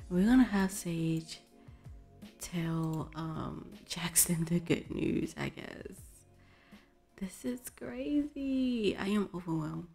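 A woman's voice: on the low side, lively intonation, takes it slowly, gravelly, mellow. A woman hosting a casual let's play, chatting and exclaiming at the characters in her game. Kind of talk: casual gameplay commentary. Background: faint background music.

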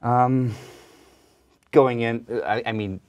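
A young man, an actor, chatting in an interview and telling relaxed, joking stories. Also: mid-range voice, takes it slowly. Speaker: actor and guest. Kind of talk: casual interview chat.

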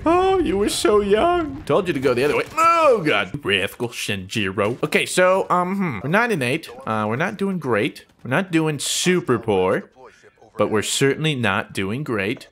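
A man giving jokey, self-mocking commentary over his own shooter gameplay, often shouting in surprise. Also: mid-range voice, very animated, moderate pace. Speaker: gaming YouTuber.

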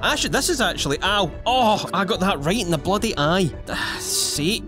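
With a high voice, lively intonation, and few pauses at a normal speed, a gaming YouTuber narrates his gameplay in character. His commentary is cheeky and rambling, set against game music.

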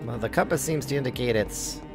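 A man streaming a game live, chatting casually and reacting loudly to what happens on screen. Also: medium pitch, a little fast. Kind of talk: live gameplay commentary. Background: game music.

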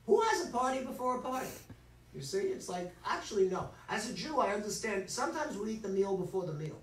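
Guy telling a funny story at a shabbat service, higher voice, echoey hall, mic kinda far off. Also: sing-song, brisk, slight background noise. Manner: joking, playful asides to the congregation. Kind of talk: humorous storytelling sermon. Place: synagogue sanctuary.

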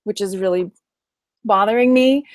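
A woman's voice: medium pitch, normal speed, no echo. A woman in her forties, hosting a casual weekly livestream and chatting with viewers by name. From Texas. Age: 40s. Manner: chatty, greets viewers by name, frequent laughs. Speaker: livestream host.

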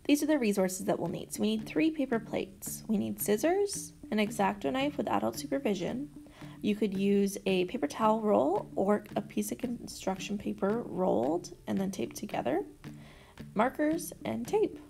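A woman's voice: on the high side, normal speed, creaky. A Canadian woman from the library explaining a kids' craft step by step in a voice-over. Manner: step-by-step, relaxed with fillers. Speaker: library staff leading a craft. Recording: music playing under the voice.

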